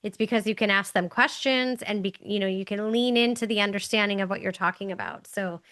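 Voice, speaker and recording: This middle-aged mother co-hosts a laid-back podcast, her mid-range voice fairly quick and a touch bright. She tells stories packed with fillers and acts out the voices of the people she quotes.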